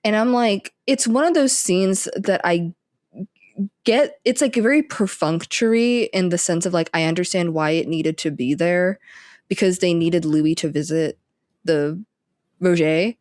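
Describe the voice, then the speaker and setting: A woman's voice: fairly low pitch, darkish tone, no room sound, studio quality. A woman co-hosting a podcast, chatting casually about a TV series and briefly acting out characters' lines. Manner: chatty, acts out characters' lines in quick impressions. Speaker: podcast co-host. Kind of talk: casual chat recapping a TV series.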